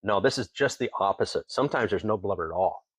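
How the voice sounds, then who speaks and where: Lively low-voiced man spinning a yarn. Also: quick pace, breathy edge, dry recording. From Tenino, Washington. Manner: lively storyteller who acts out other people's lines; folksy, chuckles between lines. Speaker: distillery owner, guest. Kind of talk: casual storytelling interview.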